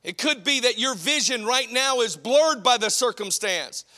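A man preaching a sermon, impassioned, swinging from shouts to hushed, drawn-out phrases. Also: very high-pitched, expressive. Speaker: pastor.

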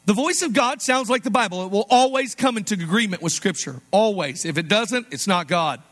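Pastor, man, high-pitched, animated conversational sermon delivery with soft low asides. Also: brisk.

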